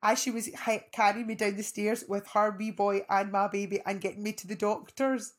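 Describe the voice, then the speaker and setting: A woman's voice: medium pitch, moderate pace, hardly any pauses. A middle-aged Scottish woman, an actress guest, telling rambling anecdotes in casual chat. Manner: animated, rambling anecdotes with restarts.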